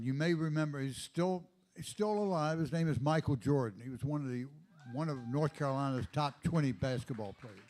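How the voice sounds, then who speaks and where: A man in his eighties hosting a live comedy night, telling meandering deadpan stories with lots of asides. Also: mid-range voice. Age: 80s. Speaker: comedy host. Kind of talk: rambling stand-up storytelling.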